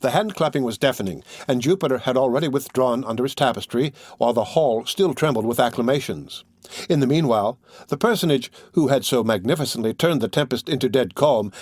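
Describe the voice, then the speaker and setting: A man narrating a classic novel aloud in a measured, even audiobook reading. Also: medium pitch, no echo, clean studio sound.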